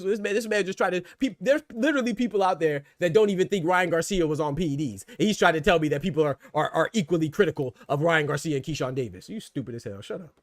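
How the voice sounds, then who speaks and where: A man's voice: on the high side, no room sound, studio quality. A man hosting a boxing livestream, ranting back at his chat in a heated, mocking way, stammering and repeating words. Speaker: boxing commentary livestream host. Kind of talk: livestream rant answering chat.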